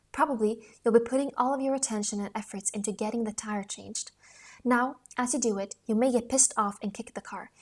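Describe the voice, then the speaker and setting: A woman reading a book on acting aloud in an earnest, instructional way, sometimes dropping to a hush. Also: a little high. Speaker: audiobook reader.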